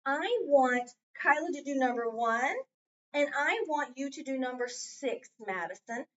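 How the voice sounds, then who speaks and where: A woman's voice: sits high, expressive, unhurried. A woman teaching a phonics lesson in a classroom, patient and coaching, with frequent encouragement. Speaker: reading teacher. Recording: distant, dull lo-fi classroom recording with faint noise.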